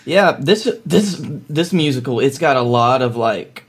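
A man's voice: mid-range voice, lively intonation, a little slow, husky. Man hosting a casual theater podcast. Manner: hesitant, many fillers, enthusiastic about musicals. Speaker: podcast co-host. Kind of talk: casual chat.

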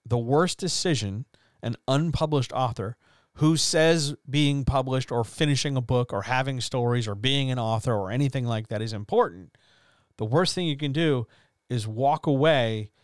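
Male host, mid-pitched, passionate pep-talk delivery with sharp loud-to-soft swings, dry close sound. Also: smooth, dry recording. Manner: earnest, swearing, repeats phrases, swings from loud to quiet. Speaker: host of a writers chat. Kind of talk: impassioned motivational monologue.

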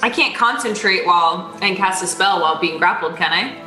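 A woman's voice: fairly low pitch, fairly quick, reverberant, music in the background, low-quality recording. A woman playing a tabletop game, asking hesitant rules questions. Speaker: player.

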